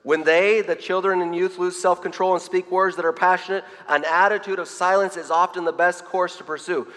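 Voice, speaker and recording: A man's voice: sits high, fairly even intonation, brisk, a bit bright. A middle-aged man preaching a sermon, earnest, often repeating his words as he reads quotes aloud. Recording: long hall reverb.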